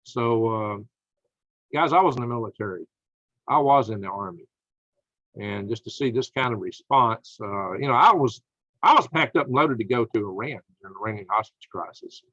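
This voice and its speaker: A man's voice: mid-range voice, expressive, normal speed, no echo, highs cut off. A middle-aged man hosting his own channel, reading news aloud and commenting on it with indignant anger. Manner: angry, indignant, rising to shouts of outrage. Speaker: channel host.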